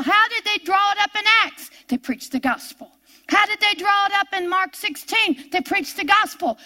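Older female preacher, high and sharp-toned, animated sermon delivery with loud and hushed swings. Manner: animated, swings from loud chanting to low quiet lines.

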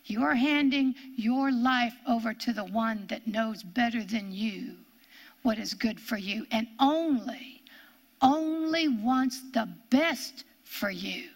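An older woman giving a sermon, earnest and repetitive, sometimes dropping into hushed whispers for emphasis. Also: on the high side, takes it slowly. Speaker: Bible teacher.

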